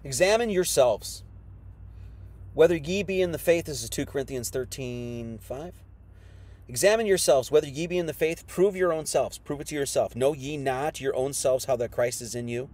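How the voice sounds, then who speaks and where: A man preaching a sermon who reads scripture aloud, then explains it in casual slang, swinging between hushed reading and loud emphasis. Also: mid-range voice, normal speed.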